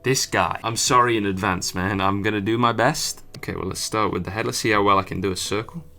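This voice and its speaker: A young male artist streamer chats casually while drawing, muttering and cursing when frustration hits. His lowish voice is brisk, creaky, bright, and forceful.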